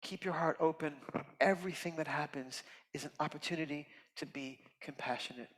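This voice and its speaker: A man giving a heartfelt, expressive inspirational talk as a guest speaker at a temple, swinging from loud emphasis to soft near-whispers. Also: a little high, fairly quick. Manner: earnest and heartfelt, tearful at moments. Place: temple sanctuary. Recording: reverberant hall.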